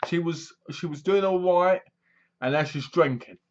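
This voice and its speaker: A man's voice: on the high side, measured pace, highs cut off. A man reviewing a horror film, retelling the plot with acted-out reactions and sound effects. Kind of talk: casual film review monologue.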